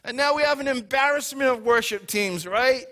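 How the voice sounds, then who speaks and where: A man with a high, bright voice preaches to his congregation in a church. He speaks in an energetic, conversational way, with quick bursts of words. His tone is edgy and forceful. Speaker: pastor. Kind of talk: sermon. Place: church hall before a congregation.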